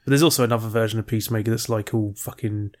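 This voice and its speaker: A man's voice: on the low side, steady tone, racing, darkish tone. A man co-hosting a casual podcast chat, making dry offhand quips and restarting his sentences as he rambles. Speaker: podcast co-host.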